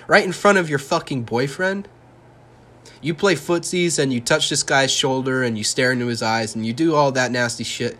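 A man's voice: medium pitch, fairly bright tone. A young man hosting a solo podcast, ranting heatedly and sarcastically, swearing a lot. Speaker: podcast host.

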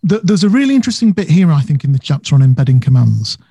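A man's voice: a little high, sing-song, racing, creaky, mellow, breathy edge, no room sound. A man co-hosting a casual business podcast, talking animatedly and stressing words for effect. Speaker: podcast co-host.

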